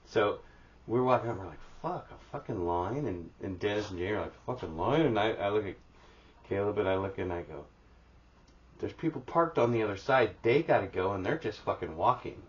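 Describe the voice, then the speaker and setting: A man's voice: fairly low pitch, lively intonation, a little fast. A middle-aged man co-hosting a podcast, telling a laid-back, profane story in casual chat. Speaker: podcast co-host. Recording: slightly dull audio.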